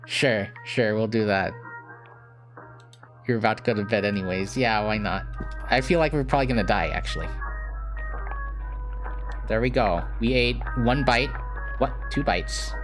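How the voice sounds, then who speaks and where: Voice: medium pitch, normal speed, long pauses. A streamer casually chatting to their chat while playing a horror game, with frequent giggles. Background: game music.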